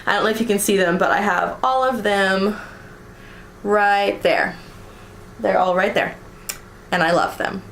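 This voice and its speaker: This young American woman, a vlogger, reads tag questions aloud in a casual chat at a measured pace, pausing often, her medium-pitched voice gravelly and a bit bright. She giggles frequently and uses plenty of ums and likes, and the echoey recording carries a little hiss or hum.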